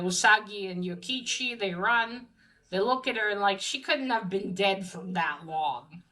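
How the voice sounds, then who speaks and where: A woman's voice: medium pitch, pushed and bright, poor audio. A woman giving a casual, chatty comic book review, talking with many fillers and restarts.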